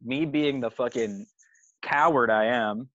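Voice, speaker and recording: A man's voice: medium pitch, a little slow, a bit bright, dry recording, muffled recording. A man in casual podcast chat, telling a tour story with lots of swearing and laughter. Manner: swears a lot, laughs through his story. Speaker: touring musician telling a story.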